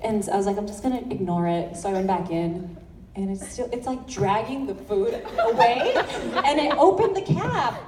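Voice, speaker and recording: A woman's voice: fairly high pitch, animated, moderate pace. A woman from Los Angeles, a convention panel guest, telling chatty, giggly stories full of fillers. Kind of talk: animated storytelling at a fan panel. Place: large convention hall. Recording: echoey hall from far off, loud crowd noise.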